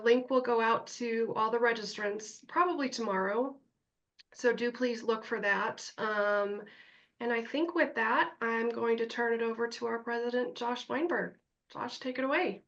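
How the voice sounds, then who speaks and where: A woman moderating a webinar, giving friendly housekeeping announcements. Her voice is fairly high-pitched and the call audio sounds dull and lo-fi. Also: steady tone, unhurried, a bit bright.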